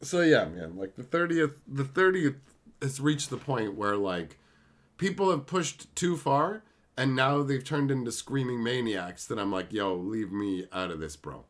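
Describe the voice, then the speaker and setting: A man's voice: medium pitch, big pitch swings, measured pace, a bit bright. A man hosting a live stream, ranting bluntly and sarcastically with lots of swearing and greeting viewers in the chat. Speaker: livestream host. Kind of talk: profane live-stream commentary.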